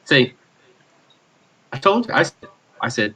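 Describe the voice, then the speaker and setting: A man's voice: mid-range voice, sing-song, unhurried, noisy background. A man co-hosting a casual podcast chat over beers, teasing and chatty. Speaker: podcast co-host.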